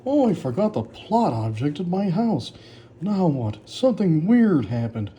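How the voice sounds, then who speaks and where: An author casually comments on his old story, mocking it sarcastically with frequent laughter. His dark-toned voice is a little high and a little slow with big pitch swings, and there's a little hiss or hum.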